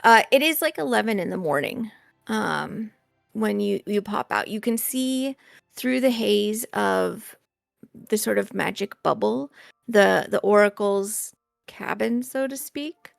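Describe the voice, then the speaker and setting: A woman running a tabletop game on stream as game master, chatty and quick to laugh. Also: medium pitch, lively intonation, creaky, dry recording, studio quality, soft background music.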